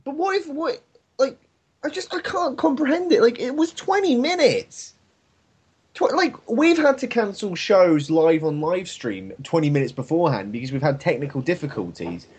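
A man's voice: high voice, sing-song, moderate pace, darkish tone, breathy edge. A man with a Birmingham accent chatting casually and swearing, joking in mock voices. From England. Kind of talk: casual chat.

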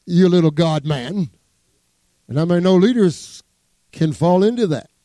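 A man preaching a sermon as pastor, quoting scripture with humor and swinging from soft asides to rising emphasis. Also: sits high, animated, measured pace, no echo, clean studio sound.

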